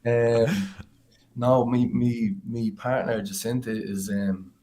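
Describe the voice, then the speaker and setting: A man's voice: medium pitch, slow, warm tone, low-quality recording. A Dublin man, a guest musician, chatting casually in a rambling, laid-back way with many restarts. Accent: Dublin Irish. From Dublin, Ireland. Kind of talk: casual chat.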